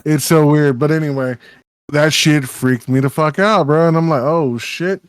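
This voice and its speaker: A man's voice: on the high side, fairly even intonation, moderate pace, smooth, dry recording. A man with a Texas accent co-hosting a podcast, rambling in casual chat with lots of swearing and restarts. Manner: rambling, profane, many restarts. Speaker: podcast co-host.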